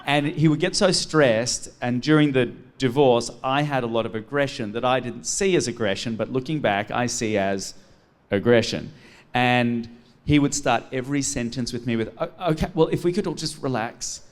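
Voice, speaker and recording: A theatrical, camp man hosts a podcast in front of a live audience. His voice sits at a middle pitch, and he tells his stories with plenty of flair. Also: moderate pace. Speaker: podcast host.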